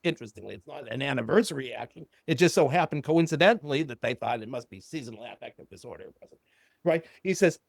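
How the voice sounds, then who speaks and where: An older man, a psychologist guest on a podcast, telling a client story and acting out the dialogue in animated quotes. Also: fairly high pitch, fast talker, gravelly, dry recording, clean studio sound.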